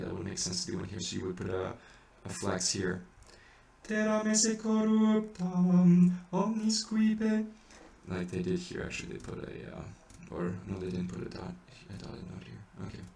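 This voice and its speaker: A man's voice: low voice, creaky. A man explaining how to point a chant, thinking aloud with restarts and singing short examples. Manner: thinks aloud, hesitant with many restarts, breaks into sung examples. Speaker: chant teacher. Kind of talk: informal music lesson. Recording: echoey room, mic at a distance, faint hiss.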